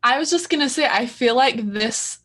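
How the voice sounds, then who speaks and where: A woman's voice: a little high, normal speed, a bit bright. A woman co-host chatting eagerly and casually about a birth video. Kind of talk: reaction video commentary.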